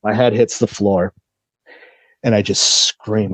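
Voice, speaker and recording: A man's voice: fairly low pitch, fairly even intonation, slow pace. A man who is a podcast guest, recounting a personal ordeal in casual, blunt, profane storytelling full of "you know" and "like".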